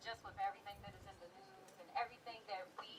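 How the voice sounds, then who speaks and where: A woman's voice: on the high side, sing-song, very fast, vocal fry, fairly bright tone, breathy edge. A woman in her thirties, a parent, speaking and performing spoken-word poetry at an outdoor rally, her emotion building until she nearly cries. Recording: distant outdoor mic with noise.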